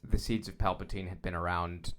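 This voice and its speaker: A man co-hosting a podcast in casual fan discussion, speaking thoughtfully with halting restarts. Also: deep voice, level tone, fairly bright tone. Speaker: podcast co-host.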